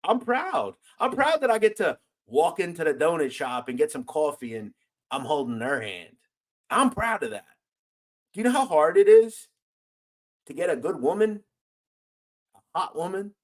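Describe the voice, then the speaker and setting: A man's voice: fairly high pitch, very animated, normal speed, pauses often. A man hosting a casual livestream, reading viewer comments aloud and joking around. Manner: loose, joking, swings from loud to mumbled asides. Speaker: host.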